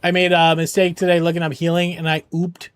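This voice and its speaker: A man's voice: fairly high pitch, completely flat delivery, brisk, clean tone. A man streaming games for charity, chatting with viewers in a joking, rambling, reassuring way. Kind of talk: casual chat with viewers.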